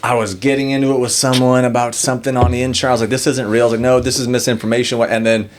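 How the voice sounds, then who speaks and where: A man hosts a casual podcast and jumps into lively stories of his own. He talks fast, at a middling pitch, with animated delivery. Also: a little hiss or hum. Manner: quick, animated storytelling. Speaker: podcast host.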